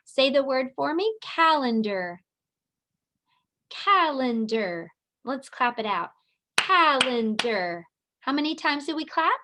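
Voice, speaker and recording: A woman leading a virtual preschool circle time, talking to small children in a slow, sing-song, encouraging way. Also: sits high, animated, a bit bright. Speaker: preschool teacher.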